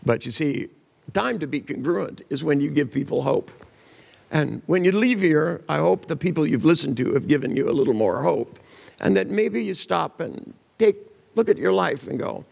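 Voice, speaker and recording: Speaking at normal speed with lively intonation and vocal fry, this older man's voice sits on the high side, trailing a long reverb tail. In his seminar talk he spins blunt, humorous stories, voicing the characters himself.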